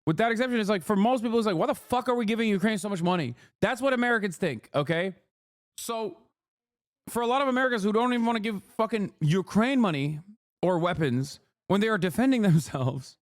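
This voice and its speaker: A man in his thirties giving casual reaction commentary on a stream, heated and sarcastic, swearing and laughing often. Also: sits high.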